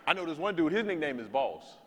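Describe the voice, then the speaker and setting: A man's voice: on the high side, sing-song, fairly quick. A man from South Carolina, giving a comedy keynote in a playful, teasing way, talking right to the audience. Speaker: keynote speaker. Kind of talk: stand-up style keynote comedy. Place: conference stage. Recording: reverberant hall with background noise.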